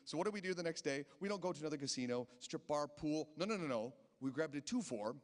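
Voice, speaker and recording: A man's voice: fairly high pitch, animated, fast, big-room sound. A man in his thirties doing a chatty stand-up set in a casino, telling stories and acting out the people in them. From Canada. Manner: chatty storytelling, acts out quoted voices. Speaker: stand-up comedian. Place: casino stage.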